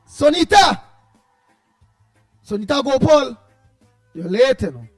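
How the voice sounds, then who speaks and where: A man's voice: very high voice, very animated, slow pace, soft background music. A Trinidadian man hosting a casual morning radio show, rambling and calling out listeners' names in greeting. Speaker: radio host.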